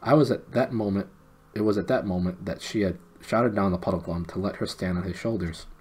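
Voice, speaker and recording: A man's voice: low-pitched, a little fast, a little mellow, slight background noise. A man reading a children's novel aloud on a livestream in a casual way, with stumbles and asides. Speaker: reader.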